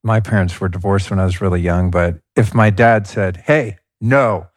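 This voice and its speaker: A man hosting a podcast interview, asking measured, thoughtful questions. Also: deep voice, steady tone, no room sound. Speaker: podcast host. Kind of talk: interview questions, casual chat.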